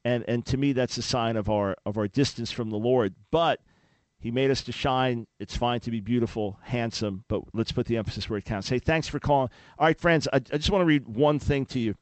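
A man's voice: medium pitch, fairly quick, dry recording. A man hosting a call-in radio talk show, speaking in an earnest, preacherly way with emphatic restarts.

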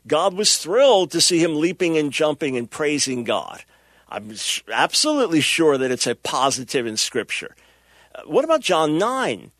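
A middle-aged male radio host preaches with impassioned emphasis, and his fairly high voice swings widely up and down. The sound is close and dry, with no room around it. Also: fairly bright tone, slightly rough, dry recording. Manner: impassioned, emphatic, acts out quoted people. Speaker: radio talk show host.

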